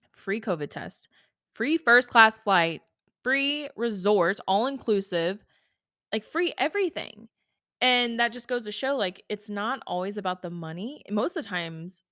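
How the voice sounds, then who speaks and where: In a casual personal monologue for her podcast, a woman speaks emotionally and chattily about her life, sprinkling in plenty of "like" and "y'all." She uses a medium-pitched, animated voice that is bright and forceful, going a little slow, recorded at studio quality without room sound.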